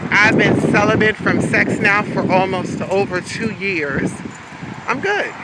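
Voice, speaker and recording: Recording on a handheld phone on a city street, a woman vlogger tells a candid, sassy storytime, calling people "honey" and "baby." Her mid-range voice is expressive and unhurried, and heavy background noise surrounds her.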